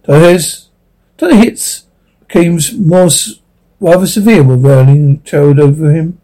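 A man's voice: a little high, unhurried, dark tone, low-quality recording. A man reading a short story aloud as its narrator, often stumbling and restarting words.

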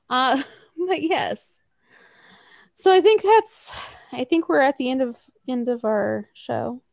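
A young woman co-hosting a casual podcast, animated and laughing often, swearing freely. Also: high-pitched, slow pace, gravelly, pauses often, no echo, clean studio sound. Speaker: podcast co-host. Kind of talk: casual chat.

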